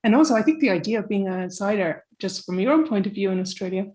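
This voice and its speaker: A woman from Ireland talks as a guest about her creative work at a middle pitch. She chats loosely, lets her phrases trail off and laughs easily. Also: lively intonation, fast, dark tone. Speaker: comics author, guest. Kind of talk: casual conversation.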